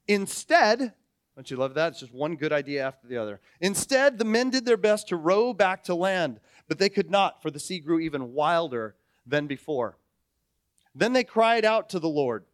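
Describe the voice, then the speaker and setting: A man in his forties preaching a sermon, telling stories in a lively way and acting out the people in them. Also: on the high side, moderate pace, dry recording, clean studio sound. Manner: animated storytelling, acts out characters. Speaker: pastor.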